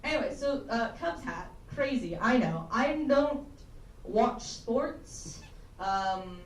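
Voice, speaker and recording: A woman's voice: on the high side, lively intonation, takes it slowly. A young woman from Tennessee doing a rambling, self-deprecating stand-up set for a small live audience, swearing often. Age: young adult. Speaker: stand-up comedian. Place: small campus comedy room, live audience. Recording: roomy, mic picked up from a distance with faint ambience.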